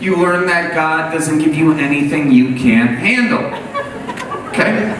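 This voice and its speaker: A man doing stand-up comedy on a club stage, animated and punchy, checking in with the audience. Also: on the high side, unhurried, far from the mic, background noise. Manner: animated, keeps checking in with the crowd. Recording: roomy club with loud crowd.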